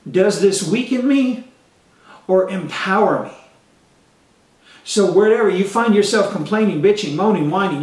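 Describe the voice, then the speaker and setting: A man with a fairly high-pitched voice teaches his students, punchy and emphatic, hammering each key phrase twice. He sounds a little away from the mic, in a room with plenty of echo. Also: recorded from a distance. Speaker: self-defense and mindset instructor. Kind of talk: motivational teaching monologue.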